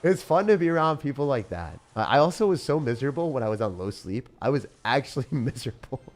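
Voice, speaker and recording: A man's voice: mid-range voice, very animated, quick pace. A young man streaming a mobile game, chatting casually and laid-back with viewers, saying dude and bro and laughing often. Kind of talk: casual live-stream chat.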